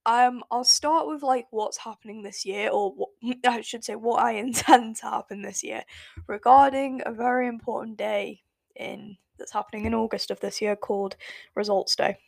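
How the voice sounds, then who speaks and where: A woman's voice: on the high side, fairly even intonation, moderate pace, vocal fry, no echo. Rambling young English woman, dry close mic. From England. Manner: rambling, chatty, self-correcting with frequent fillers. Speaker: podcast host. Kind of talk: casual solo podcast rant.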